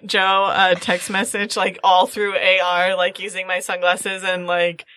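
Bright-voiced woman player, dry sound. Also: fairly low pitch, flat delivery, a little slow, dry recording. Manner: chatty, laughing often. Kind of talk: casual tabletop role-play.

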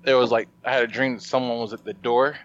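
A man's voice: medium pitch, fairly even intonation, fast, a bit bright. A man hosting a podcast, opening the show and telling stories in a laid-back casual chat. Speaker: podcast host. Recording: muffled lo-fi sound.

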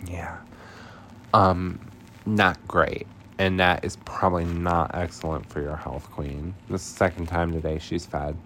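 A man's voice: sits low, fairly even intonation, a little slow, a bit bright, a little hiss or hum. A man hosting a podcast, recapping a film in chatty, slangy casual talk with lots of filler words. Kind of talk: casual chat.

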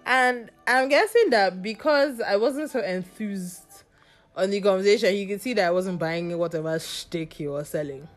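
A woman's voice: mid-range voice, normal speed, faint music behind. A woman hosting a podcast, telling a story in a casual, gossipy way and swearing now and then. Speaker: podcast host.

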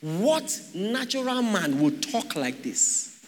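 A man's voice: sits high, sing-song, slow pace. A man preaching a sermon, asking the congregation rhetorical questions and joking with them. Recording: long hall reverb.

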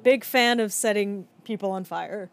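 A woman's voice: mid-range voice, measured pace. A woman co-hosting a casual podcast chat, speaking frankly and swearing freely. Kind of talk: casual chat reviewing a film.

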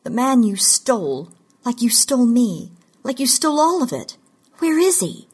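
A woman narrator voicing an angry young woman who accuses her captor in shrill, rising bursts. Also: very animated, brisk, darkish tone, slightly rough. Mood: furious. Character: furious young woman seeking revenge.

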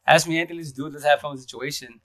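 A man hosting a casual live stream, talking fast and rambling, with restarts and repeated words. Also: a little high, steady tone, bright, forceful tone, dry recording. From Seattle area. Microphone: phone.

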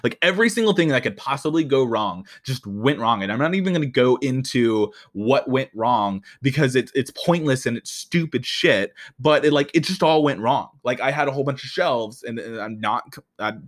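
Male podcast host, mid-range voice, casual solo talk, excitable and profane. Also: mid-range voice, moderate pace. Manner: energetic, excitable, swears freely.

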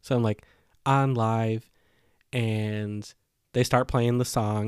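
A man's voice: medium pitch, unhurried, smooth, no room sound, clean studio sound. A young man casually telling a story on a podcast, acting out what people said along the way. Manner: animated storytelling, acts out quotes. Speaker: podcast co-host. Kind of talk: casual chat.

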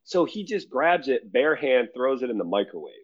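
A man's voice: mid-range voice, normal speed. A man from Michigan recounts a mishap to friends in loose, slangy talk, laughing along the way. His voice sits mid-range, and the recording comes across a little dull and lo-fi. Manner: animated, laughing storyteller with casual slang. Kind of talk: casual storytelling chat.

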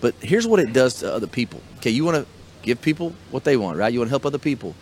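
Fast-talking middle-aged motivational host. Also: male voice, mid-range voice, lively intonation, a little hiss or hum. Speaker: podcast host and small business coach. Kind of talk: casual chat.

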